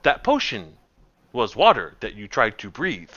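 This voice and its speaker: A man voicing a small, sarcastic male drake with a dry, deadpan delivery. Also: medium pitch, unhurried, dull audio.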